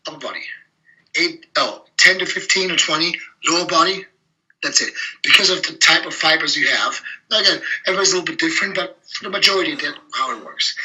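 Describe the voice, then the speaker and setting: A man's voice: on the high side, low-quality recording. A middle-aged man from Germany, a bodybuilder guest telling blunt, profane stories in a casual interview. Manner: blunt, profane, animated anecdotes with frequent laughs.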